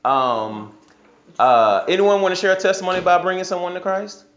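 A man's voice: high voice, fairly quick, a bit bright. A man who is a pastor leading a casual group discussion, talking conversationally and often checking in with the group. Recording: roomy, dull recording.

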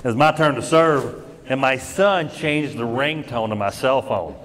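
A middle-aged man from Kentucky with a Kentucky accent, doing stand-up comedy with animated storytelling on a large theater stage. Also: medium pitch, unhurried. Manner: animated storytelling with yelps and put-on voices. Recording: live theater mic, hall echo, loud crowd.

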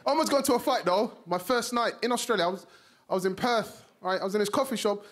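A young man from Somalia with a South London accent, performing an animated stand-up comedy set on a TV studio stage. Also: sits high, fast talker. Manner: animated, acts out characters in voices. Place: TV studio stage before a live audience. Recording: live audience laughter behind.

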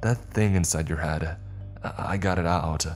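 A man's voice: low-pitched, moderate pace, soft background music, lightly acted. A man voicing a frightened young woman who pleads with her friend in a horror story. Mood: pleading. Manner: pleading, strained. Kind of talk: scripted horror narration.

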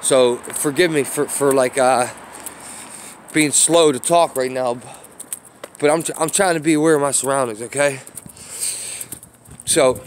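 A man's voice: mid-range voice, unhurried, long pauses, slight background noise. A man vlogging outdoors on a city street while walking, telling a long story in a rambling, profane way with apologetic asides, recorded on a phone. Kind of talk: casual rant while walking.

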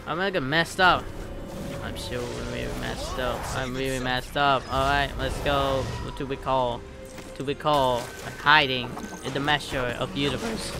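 A young man commentates his own match live, jumping from mumbled remarks to loud, excited whoops. His pitch sits in the middle of the range. Game music plays clearly under his voice. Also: measured pace. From Philippines. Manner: excitable, bursts of loud exclamations. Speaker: gaming channel host.

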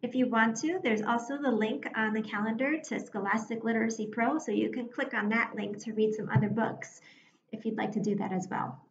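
A woman teaching a recorded reading lesson for young children, speaking slowly and clearly, encouraging them and pausing for their answers. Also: on the high side, fairly even intonation. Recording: echoey room, dull sound, faint hiss.

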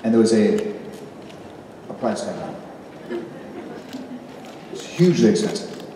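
A middle-aged man telling stories on stage at a convention panel, animated and self-deprecating, laughing often. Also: lowish voice, a little slow, noisy background. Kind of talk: casual storytelling on stage. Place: large convention hall. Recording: echoey hall recorded from far off.

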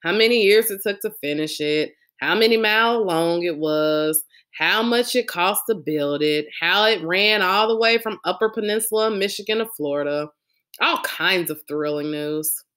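A woman reading a novel aloud as a lively first-person storyteller. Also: lowish voice, normal speed. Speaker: audiobook reader. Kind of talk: audiobook narration.

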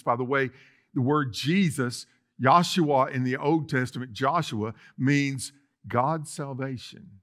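A man preaching a sermon as lead pastor in a church, swinging from loud declarations to soft asides. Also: mid-range voice, slow. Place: church sanctuary.

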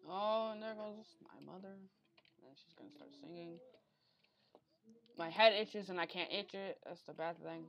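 A woman with a medium-pitched voice talks a little slowly with long pauses, and the recording is muffled. During a speedrun attempt she gives unscripted, rambling commentary, talking to herself and getting easily frustrated.

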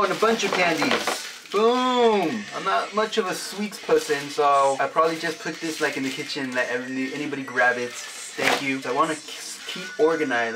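Upbeat guy exclaiming over fan mail. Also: fairly high pitch. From United States. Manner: upbeat, punctuates items with loud exclamations. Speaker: vlogger opening fan mail. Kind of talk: casual vlog chat.

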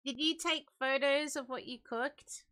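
A woman's voice: high-pitched, fairly even intonation, measured pace, fairly bright tone. A young woman co-hosting a live stream in casual chat, giggly and teasing. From Great Britain. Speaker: stream co-host.

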